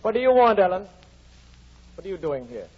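An actor playing a brooding, bitter young man in a 1940s radio drama, cold and mocking with a husky voice. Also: high-pitched, big pitch swings, brisk. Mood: fierce. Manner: cold, mocking, turning to fierce shouts. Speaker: Heathcliff. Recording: dull 1940s radio broadcast.

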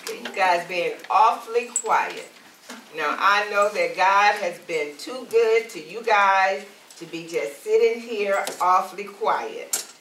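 A woman evangelist leads a sermon with a bright, forceful voice, pressing her listeners for answers. She sounds set back from the mic, and her voice rings around a roomy space. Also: mid-range voice, expressive, takes it slowly, far from the mic, a little hiss or hum. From Alabama. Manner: calls out to the congregation, rising and emphatic. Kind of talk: sermon and prayer.

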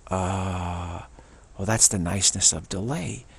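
A man's voice: low voice, slow pace, creaky, a bit bright, breathy edge. A man giving an unscripted spiritual monologue, earnest, repeating his phrases and slipping into imagined exchanges. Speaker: spiritual commentator.

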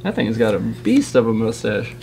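Tearing into trading card packs, a man hosting a relaxed unboxing video talks enthusiastically and lists off card names as he goes. He speaks at normal speed in a low-leaning, sing-song voice with vocal fry.

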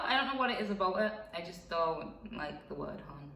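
A woman's voice: fairly low pitch, animated, fairly quick, hardly any pauses, sharp tone, recorded from a distance. A young woman in her twenties, chatting frankly in a casual vlog, with lots of fillers. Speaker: vlogger. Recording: echoey room, voice a bit off-mic.

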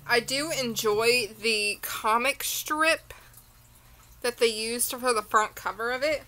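Tired, slow-talking Southern woman. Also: a little high, bright, forceful tone, rough recording. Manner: rambling, drifts into tangents. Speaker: beauty vlogger. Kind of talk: casual unboxing chat.

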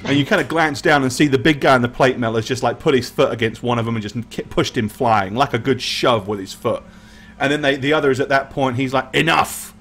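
A man's voice: medium pitch, fairly quick, a bit bright. A man narrating as game master of a tabletop game, with rambling, filler-heavy speech.

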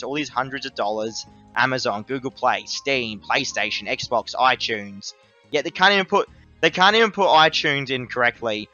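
Young Aussie guy, bright and forceful, ranting app reviewer; slightly dull recording with faint music under it. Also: medium pitch. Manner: exasperated, ranting, swings loud and excited.

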